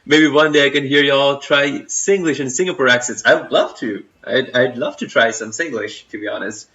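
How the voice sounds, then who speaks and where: A man's voice: medium pitch, normal speed, pushed and bright. Chatty Indian-accented young man streaming. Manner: chatty, loose, full of fillers and restarts, reads chat aloud. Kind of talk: casual live-stream chat. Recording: roomy, slightly dull home stream audio.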